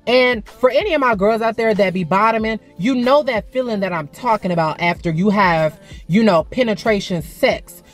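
A woman's voice: medium pitch, normal speed. Woman vlogger, chatty and profane story-time delivery, mid-range voice, faint music bed. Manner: chatty, frank and profane, calls the viewer "girl" and "baby". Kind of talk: casual story-time vlog.

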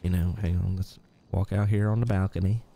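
A man's voice: low-pitched, steady tone, fairly quick, creaky, mellow, a little hiss or hum. A man hosting a live stream, reading out viewer names and chatting casually with frequent chuckles. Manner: reads viewer names aloud, chuckles often. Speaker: livestream host.

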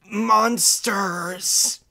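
A frail old pronghorn deer with a thin, quavering high voice that keeps breaking toward tears. He sounds worn out and sorrowful, speaking in slow, strained phrases. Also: fairly even intonation, gravelly, pushed and bright, heavily acted. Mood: grieving accusation. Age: older.

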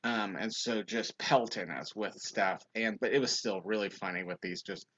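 A man's voice: moderate pace, heavy background noise. A young man, a youth minister, telling a funny story in a casual livestream chat and reading viewer comments. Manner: animated storyteller, high-pitched quoted voices. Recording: dull lo-fi livestream audio.

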